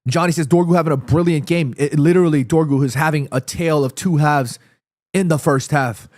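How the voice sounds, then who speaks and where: Excitable stuffy-nosed male football streamer. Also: fairly high pitch, brisk, no room sound, clean studio sound. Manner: excitable, reads chat aloud and answers viewers. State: stuffy nose. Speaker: watchalong streamer. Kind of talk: live football watchalong commentary.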